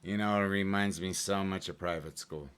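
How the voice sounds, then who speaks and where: A man with a very deep, smooth voice reacts bluntly and indignantly. He swears casually as he makes his point. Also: steady tone, normal speed, fairly bright tone. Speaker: co-commentator.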